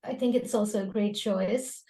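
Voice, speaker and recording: A woman's voice: mid-range voice, steady tone, moderate pace, warm tone, echoey room. A woman hosting an online poetry evening, speaking hesitantly with many fillers. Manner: hesitant, filler-heavy, appreciative. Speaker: event host. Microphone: video call.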